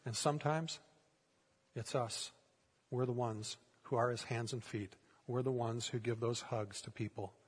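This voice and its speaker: A male pastor preaching a sermon, telling a story and then easing into a soft, prayerful invitation. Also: medium pitch, steady tone, measured pace, slightly rough. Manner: storytelling, growing soft and hushed toward a prayerful close. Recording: long reverb of a large hall.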